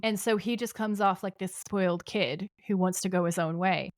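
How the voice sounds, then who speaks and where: A woman's voice: mid-range voice, normal speed, no echo, studio quality. A woman co-hosting a podcast, recapping a TV episode in casual chat and retelling scenes at length. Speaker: podcast co-host.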